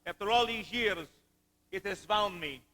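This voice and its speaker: A student actor playing a wounded French planter. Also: male voice, sits high, unhurried, pushed and bright. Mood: singing. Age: late teens. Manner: pleading, emphatic, sung passages. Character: middle-aged male French planter, earnest and wounded. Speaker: student actor in a school musical. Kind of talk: amateur stage musical acting and singing. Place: school stage.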